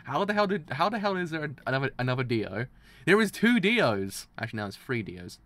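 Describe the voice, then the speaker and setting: A man's voice: medium pitch, big pitch swings, a little fast, fairly bright tone, dry recording. A man streaming a live manga reaction, reading along and exclaiming in disbelief.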